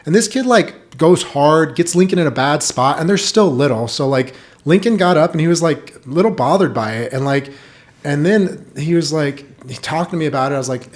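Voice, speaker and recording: A man talking as a podcast guest in casual chat, telling lively stories and saying "like" a lot. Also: on the high side, normal speed. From United States. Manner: animated storytelling, heavy use of "like".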